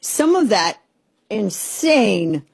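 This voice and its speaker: A woman hosting a talk radio show, speaking in a sarcastic, exasperated monologue with quick asides. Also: medium pitch, very animated, creaky, a little mellow, husky, dry recording.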